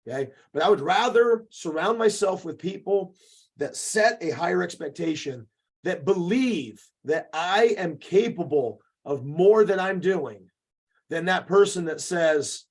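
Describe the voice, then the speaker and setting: Man, podcast co-host, jiu-jitsu coach, motivational, profane, preachy, husky, a bit high-pitched. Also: lively intonation, a little slow. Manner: emphatic, profane, preachy, repeats "okay".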